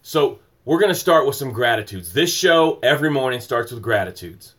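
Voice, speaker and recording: A man's voice: medium pitch, expressive, moderate pace, fairly bright tone. A middle-aged man hosting a motivational morning livestream, speaking in an emphatic, rhythmic preaching cadence and greeting viewers by name.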